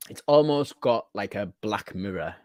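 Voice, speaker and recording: A man from Newcastle with a Geordie accent hosts a relaxed chat about films. He talks animatedly, swears freely and breaks into loud laughs. The sound is dry and close. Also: lowish voice, moderate pace, no room sound. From Newcastle, England. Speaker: podcast host.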